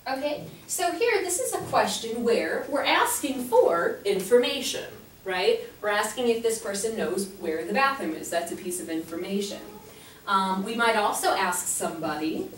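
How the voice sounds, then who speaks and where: Her voice is medium in pitch and expressive, and she speaks at normal speed while patiently teaching a French class and spelling words out letter by letter. The classroom recording is echoey and distant, with slight background noise.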